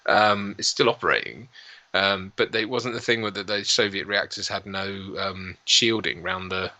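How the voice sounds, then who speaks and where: A man's voice: low-pitched, steady tone, moderate pace, bright, forceful tone, dry recording. A man co-hosting a casual live stream, ill with a cold, rambling and hesitant with many fillers. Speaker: co-host. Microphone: lavalier mic.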